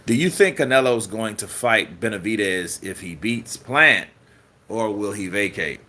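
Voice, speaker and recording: Bright-voiced, profane boxing stream host. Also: male voice, fairly low pitch, animated, unhurried. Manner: profane, joking, reads viewer comments. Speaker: host of a boxing news channel. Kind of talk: casual live-stream commentary.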